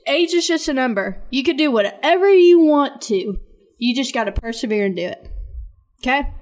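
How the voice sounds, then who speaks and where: A woman's voice: high-pitched, lively intonation, moderate pace. Upbeat woman podcasting. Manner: earnest, rambling, encouraging. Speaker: podcast host. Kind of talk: casual podcast monologue.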